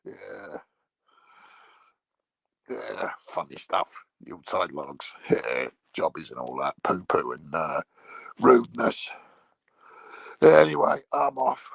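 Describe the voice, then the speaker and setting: A man's voice: deep voice, big pitch swings, unhurried, vocal fry, a bit bright, breathy edge, no room sound. A man rambling crudely through a casual vlog monologue and laughing at his own jokes. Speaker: vlogger.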